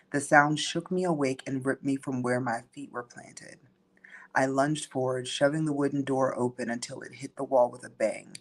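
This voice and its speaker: A man reads a novel excerpt aloud in an even, steady voice. His pitch sits in the middle range for a man.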